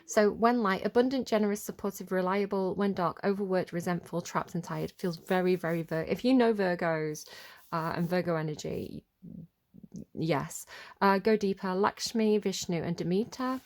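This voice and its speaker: A woman's voice: fairly low pitch, normal speed, darkish tone. Chatty, rambling woman reading tarot. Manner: chatty, rambling, easily distracted, apologetic. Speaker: tarot reader. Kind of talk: casual tarot reading to camera.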